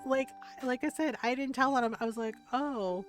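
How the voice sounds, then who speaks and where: A woman's voice: sits high, a little fast. Chatty woman streamer, faint music behind. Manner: rambling anecdote, tags sentences with "right?"; animated, acts out other people's lines. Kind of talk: casual storytelling while gaming.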